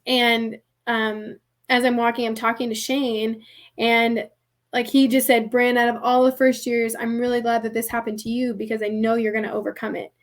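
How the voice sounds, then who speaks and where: A young woman with a somewhat high voice recounts a personal story on a podcast. She talks casually and animatedly, peppering her sentences with "like" and slipping into the voices of people she quotes. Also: moderate pace. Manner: animated, heavy use of "like", acts out quoted voices. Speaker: podcast guest.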